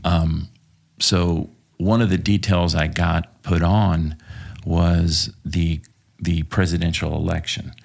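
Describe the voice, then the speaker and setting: Podcast guest from Texas, ex-cop, husky voice, profane and halting storyteller. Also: male voice, deep voice, level tone, darkish tone. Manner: profane, hesitant with many fillers. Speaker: podcast guest, former police officer. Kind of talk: casual storytelling.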